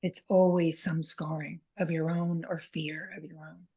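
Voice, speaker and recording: A woman's voice: sits low, flat delivery, a little slow, mellow, breathy edge. A middle-aged woman co-hosting a podcast, talking candidly and reflectively about her own parenting mistakes. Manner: candid, confessional, acts out quotes in a sharper voice. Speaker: podcast co-host. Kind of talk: reflective casual chat.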